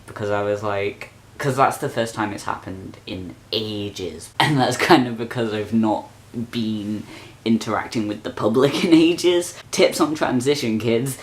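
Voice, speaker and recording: A man's voice: fairly low pitch, unhurried. A young man, talking straight to camera in an exasperated, sweary rant for his vlog. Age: young adult. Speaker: vlogger.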